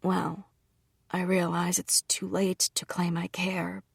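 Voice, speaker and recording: A woman voicing a quiet, hesitant young brother. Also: on the low side, flat delivery, moderate pace, gravelly, husky, no echo, clean studio sound. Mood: subdued.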